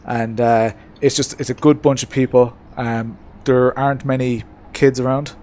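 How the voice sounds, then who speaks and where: A man's voice: medium pitch, normal speed, slight background noise. Chatty man streaming from his racing rig. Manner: relaxed and chatty, answers chat, many "uh"s and restarts. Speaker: streamer racing in a sim-racing league. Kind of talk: casual live-stream chat. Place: home sim-racing setup.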